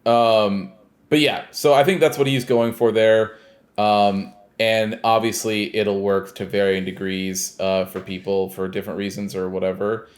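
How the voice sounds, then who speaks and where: A man's voice: lowish voice, unhurried. A man co-hosting a podcast, casually recapping a game and acting out scenes in snarky mock voices. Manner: animated storyteller who acts out scenes in snarky mock voices. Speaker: podcast co-host.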